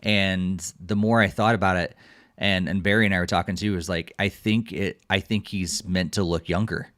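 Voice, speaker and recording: A man's voice: deep voice, fairly even intonation, normal speed, fairly bright tone, no echo, clean studio sound. A man co-hosting a podcast, chatting casually and rambling with frequent restarts and chuckles. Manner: rambling, restarts often, chuckles while talking. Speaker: podcast co-host.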